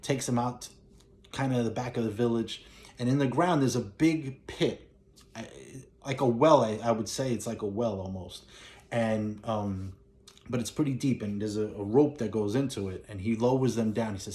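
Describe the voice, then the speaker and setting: A man at an ordinary middle pitch talks through a film's story in a loose, conversational way. He circles back, restarts phrases and leans on fillers as he narrates. The tone is relaxed and chatty. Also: normal speed. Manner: rambling, lots of fillers and restarts. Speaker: movie reviewer. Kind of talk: casual movie recap.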